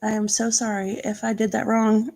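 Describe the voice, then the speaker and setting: A woman's voice: medium pitch, level tone, moderate pace, creaky, a little mellow. A woman hosting a crafting live stream, chatting casually, reading viewer comments aloud and laughing easily as she works.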